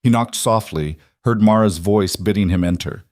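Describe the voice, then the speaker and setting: The clip features a male storyteller reading from a script in a measured, gentle tone. His voice is somewhat deep, captured up close in a dry recording free of room sound.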